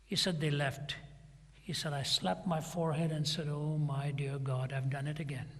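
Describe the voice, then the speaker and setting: A man's voice: a little high, level tone, normal speed, fairly bright tone. A middle-aged man preaching a sermon, retelling a story and acting out both sides of a conversation. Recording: long hall reverb.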